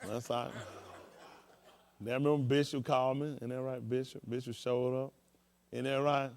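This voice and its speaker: A man's voice: mid-range voice, level tone, moderate pace, vocal fry, darkish tone. A man, a pastor, roasting his church members from the pulpit in a joking, rambling way with folksy slang.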